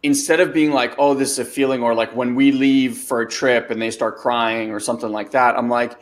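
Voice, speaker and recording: A man's voice: medium pitch, steady tone, a little fast. A man hosting a webinar, talking loosely as a life coach and answering a listener's question, with lots of "like" and "you know". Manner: loose, conversational, many fillers like "like" and "you know".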